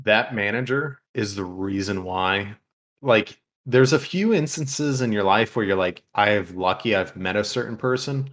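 Low-voiced man telling crude stories. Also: a little slow, a bit bright. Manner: crude, profane, laughing while telling. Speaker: podcast co-host. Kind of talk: casual storytelling.

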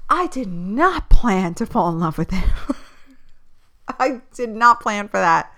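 A woman hosting a podcast tells a personal story casually, animated and profane, swearing a lot and laughing often. Her voice is mid-range and slow, with frequent pauses.

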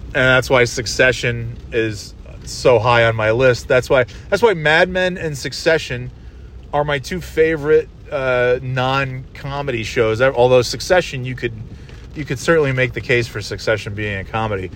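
A man's voice: medium pitch, normal speed, fairly bright tone. Solo host, man, loose rambling talker who swears casually; recorded in a car with faint road hum. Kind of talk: casual monologue while driving. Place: inside a car.

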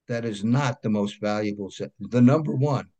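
A man with a New York accent, a guest telling lively anecdotes in a casual interview and often checking in with "right?". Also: on the low side, moderate pace. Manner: animated anecdotes, frequent "right?" check-ins. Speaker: guest, comic book creator.

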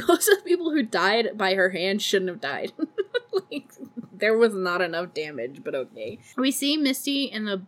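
A woman's voice: mid-range voice, fairly bright tone. A woman hosting a podcast, recapping a movie casually, laughing often and swearing freely. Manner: giggly, laughs often between sentences. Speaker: podcast host.

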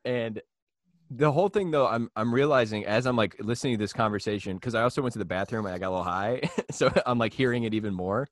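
A young man hosting a casual podcast chat, telling a rambling story with frequent laughs and quick impressions of people. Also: mid-range voice, no room sound. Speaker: podcast host.

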